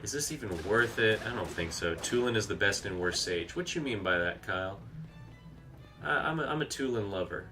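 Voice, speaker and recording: A man's voice: lowish voice, animated, a little fast, over music. A man streaming a video game, chatting casually, reacting aloud to the action and reading out viewer comments. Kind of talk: live gameplay commentary.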